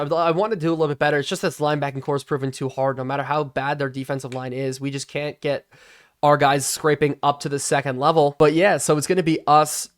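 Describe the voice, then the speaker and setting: A young man hosting a gaming video, giving excitable play-by-play commentary on a football video game he is playing from his home studio, swinging from calm analysis to shouting. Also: fairly high pitch. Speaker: gaming channel host.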